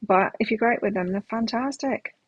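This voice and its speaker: Between tarot readings on her live stream, a husky-voiced, breathy middle-aged woman chats at a normal speed and ordinary pitch, drifting from one anecdote to the next. The sound is close and dry, though muffled.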